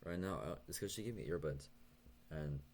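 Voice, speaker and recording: A young vlogger speaks softly and hesitantly in a late-night confessional video, stuttering and pausing as he goes. There's a low rumble and a little hiss or hum in the audio.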